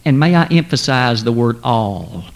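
A man preaching a sermon in a measured, formal and emphatic way. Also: medium pitch, expressive, creaky.

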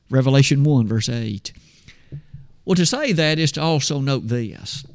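A man teaching a Bible lesson from slides, explaining things in a measured way and speaking to his listeners as "you and I". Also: on the high side, very animated.

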